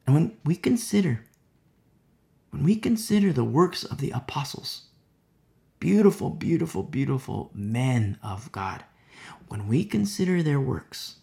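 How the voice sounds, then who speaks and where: A man's voice: medium pitch, sing-song, a little slow, creaky, dark tone. A man preaching a conversational sermon, full of fillers and acted-out quotes, at times dropping to a whisper. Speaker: pastor.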